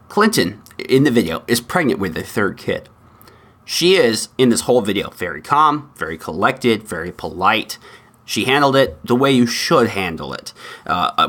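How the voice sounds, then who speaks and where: Guy hosting his podcast, snarky, mid-pitched voice, lots of sarcastic asides. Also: a bit bright. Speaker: podcast host. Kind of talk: opinionated podcast monologue.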